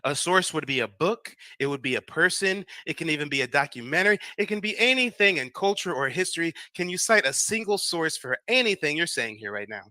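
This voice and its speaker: A man's voice: fairly high pitch, animated, brisk, hardly any pauses, pushed and bright, no echo. An American man hosting a livestream, grilling a caller in a mocking, demanding way and repeating his questions. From United States. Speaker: livestream host. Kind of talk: confrontational live debate.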